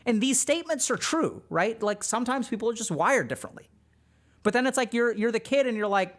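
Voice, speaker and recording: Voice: mid-range voice, animated, fairly quick. A psychiatrist giving reaction commentary on a TV episode, explaining things and speaking directly to viewers.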